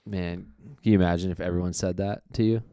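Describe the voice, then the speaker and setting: A man's voice: sits low, steady tone, fast talker, dark tone, smooth, dry recording. A man co-hosting a podcast, trading teasing, joking banter in casual chat. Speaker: podcast co-host.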